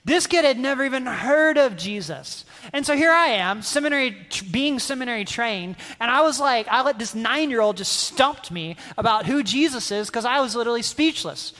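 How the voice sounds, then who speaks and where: A man's voice: very high-pitched, expressive, normal speed, hardly any pauses, sharp tone. Chatty man preaching in a hall. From North Carolina, American South. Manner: conversational, keeps asking "right?", acts out quotes. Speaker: guest speaker. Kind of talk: youth sermon. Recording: long hall reverb.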